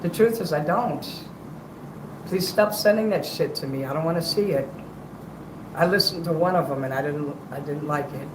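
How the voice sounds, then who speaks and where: Between karaoke songs, a man chats on a livestream, rambling and swearing in a strained, worn-out voice. His pitch is fairly high and his pace moderate. The sound is reverberant, with a noisy background.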